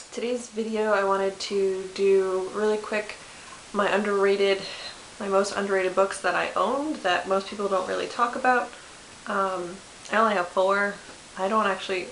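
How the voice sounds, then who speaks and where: A woman's voice: medium pitch, fairly bright tone. A woman in her twenties chatting casually about books she loves, with lots of fillers and self-corrections. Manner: chatty, self-deprecating, many fillers and restarts. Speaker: book vlogger. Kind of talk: casual chat. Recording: echoey room with faint hiss.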